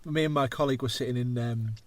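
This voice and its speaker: A man's voice: mid-range voice, fast, a little hiss or hum. An English man in his thirties hosting a casual podcast chat, rambling and going off on tangents, swearing freely. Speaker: podcast host.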